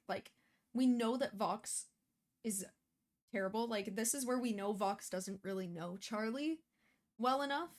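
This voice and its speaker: A woman hosting a reaction video, talking casually and emotionally, with many fillers and restarts. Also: on the high side.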